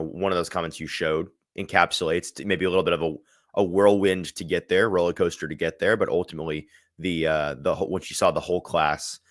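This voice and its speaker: A man's voice: sits low, fairly bright tone, dry recording, clean studio sound. A man hosting a sports podcast, talking through football analysis in a thoughtful, rambling way with frequent restarts.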